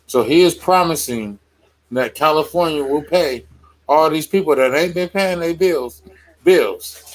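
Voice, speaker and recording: A man on a casual talk show with a slightly high voice. He explains things patiently and in order. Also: measured pace, poor audio. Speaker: podcast co-host. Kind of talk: casual chat.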